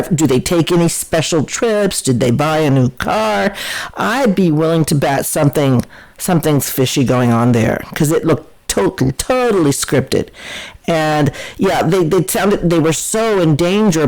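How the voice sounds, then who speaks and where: A woman's voice: low-pitched, darkish tone, rough recording. A woman hosting a podcast, giving chatty, opinionated political commentary in a scornful, mocking way. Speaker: podcast host.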